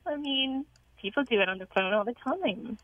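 A woman's voice: on the high side, expressive, moderate pace, muffled recording, slight background noise. A woman calling in to a radio show, coaxing and teasing her boyfriend on the phone. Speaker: caller pranking her boyfriend.

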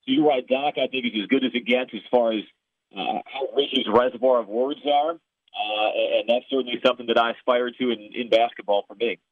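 A man's voice: medium pitch, brisk, no echo. A man from the Chicago area with a Chicago accent, a play-by-play broadcaster telling stories and answering questions in an interview. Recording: tinny phone line.

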